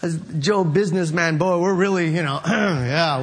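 A man's voice: a little high, moderate pace, slight background noise. A man preaching a sermon, telling a story with mimicked voices and laughing so hard he is in tears. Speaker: pastor.

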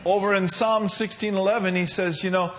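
A man's voice: sits high, steady tone, fairly quick, fairly bright tone. A man preaching a sermon to a congregation, mixing fillers and call-and-response asides. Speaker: pastor.

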